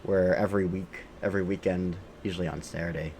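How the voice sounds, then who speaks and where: Male streamer, very deep voice, rambling offhand commentary while he plays. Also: fairly even intonation, fast, gravelly, a little mellow, a little hiss or hum. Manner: rambling, offhand, thinks aloud with frequent fillers. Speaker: game streamer. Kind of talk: casual live-stream game commentary.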